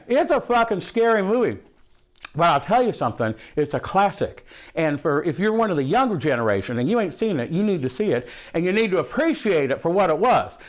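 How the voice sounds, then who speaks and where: A man playing a brash, foul-mouthed movie buff in a comic monologue, rambling and loose, full of swearing and "ain't". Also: sits high. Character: brash foul-mouthed man gushing about horror films.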